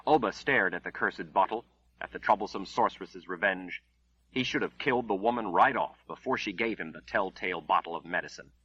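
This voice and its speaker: Husky low-voiced male audiobook narrator. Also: sharp tone, dull audio. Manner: measured, dramatic storytelling. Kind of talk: scripted dramatic narration.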